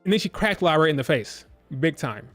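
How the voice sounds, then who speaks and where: A man's voice: on the high side, sing-song, fairly quick, a bit bright, soft background music. A man casually reviewing a wrestling show on a live stream, rambling with lots of fillers. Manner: rambling, filler-heavy, loose and conversational.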